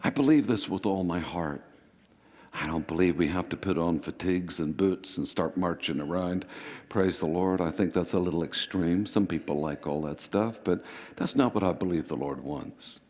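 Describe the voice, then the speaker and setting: Low, husky pastor preaching. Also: male voice, darkish tone. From Ireland. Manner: preaching with sudden emphatic rises and quick bursts. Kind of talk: sermon. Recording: hall reverb.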